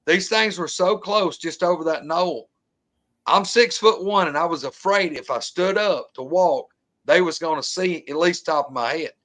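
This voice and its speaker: A man with a drawl recounts a tense outdoor encounter in relaxed, colloquial talk. His voice sits somewhat high for a man. He gets animated and imitates the sounds he describes. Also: normal speed. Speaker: guest telling an encounter story. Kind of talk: casual storytelling.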